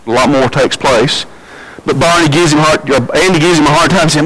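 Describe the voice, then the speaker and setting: A man preaching a sermon, telling the story with big swings between loud and quiet and repeating phrases for emphasis. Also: fairly high pitch, brisk, crowd noise, rough recording.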